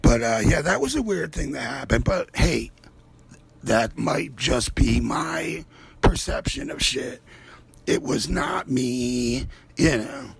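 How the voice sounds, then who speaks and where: Gravelly, raspy-voiced man rambling profanely. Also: medium pitch, sing-song, slow. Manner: rambling, profane, swears freely; drifts between topics in loose asides. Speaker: artist and show host. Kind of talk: rambling casual monologue while painting.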